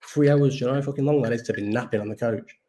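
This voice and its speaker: A man talks to his viewers in a loose, meandering live chat. His voice is dark and mellow, and he sounds tired. He swears freely and keeps breaking off and restarting his sentences. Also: medium pitch, fast talker, slight background noise. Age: 30s. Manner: rambling, swears a lot, restarts and trails off. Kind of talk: casual chat.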